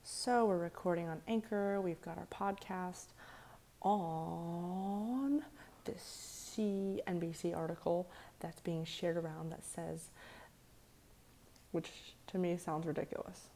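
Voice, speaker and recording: A young woman hosting a late-night live stream, talking low and softly, half whispering at times so she won't wake anyone. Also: slow pace, vocal fry, a little hiss or hum. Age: young adult. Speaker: livestream host. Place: echoey room at night.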